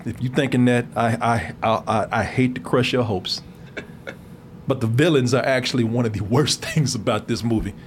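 A man hosting a comedic film-review podcast, talking in an animated, profane way and laughing often. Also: mid-range voice, a little hiss or hum.

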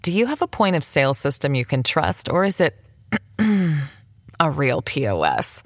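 A woman's voice: deep voice, big pitch swings, unhurried, dry recording, studio quality. A woman reading a commercial in an upbeat, persuasive way. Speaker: ad reader. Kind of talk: read commercial.

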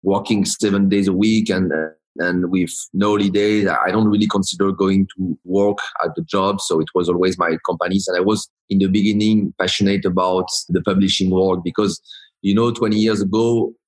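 French guy in his 40s, lowish voice, lots of uh and restarting, podcast guest. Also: fairly even intonation, normal speed, rough recording. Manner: hesitant, many restarts and fillers. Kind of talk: casual interview talk.

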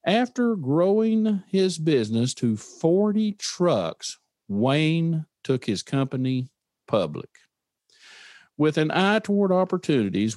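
Lively earnest man, motivational podcast host. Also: a little high, dry recording, studio quality. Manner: earnest, storytelling, asks listeners questions. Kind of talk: motivational talk.

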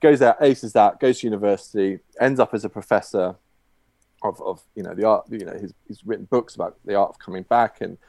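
A man's voice: on the low side, a little fast, creaky, dark tone, dry recording. A man telling a long shaggy dog story in a casual, rambling way, full of fillers and restarts. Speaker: guest.

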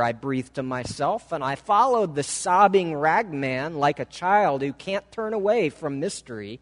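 Slow, dramatic storytelling preacher. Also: male voice, fairly high pitch, very animated. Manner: dramatic, slow, emotive reading. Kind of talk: sermon storytelling. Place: church sanctuary. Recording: long hall reverb.

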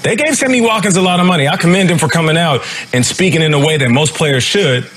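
A man giving animated football analysis on a TV show, emphatic and persuasive. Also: on the high side. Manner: emphatic, persuasive, quick bursts. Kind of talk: animated sports TV commentary.

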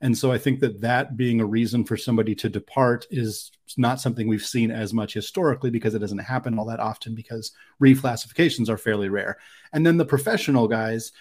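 A man's voice: mid-range voice, quick pace, darkish tone, husky. A man co-hosting a casual sports podcast, thinking aloud in a musing way with a lot of likes and restarts. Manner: thoughtful, musing, many fillers. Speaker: podcast co-host.

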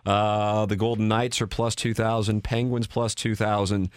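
A man's voice: fairly low pitch, little pitch movement, normal speed, clear, resonant tone, no echo. A man hosts sports talk radio in a studio, upbeat and polite, laughing easily. His voice is close and dry, with no room sound.

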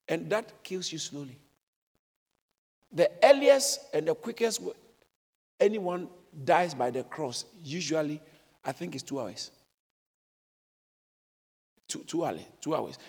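A male pastor preaching in a church, his voice pitched high and swinging widely as he explains and exclaims. The tone is slightly husky, and a long hall reverb trails each phrase. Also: unhurried, long pauses. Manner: animated preaching, bursts into shouts when quoting. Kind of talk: sermon.

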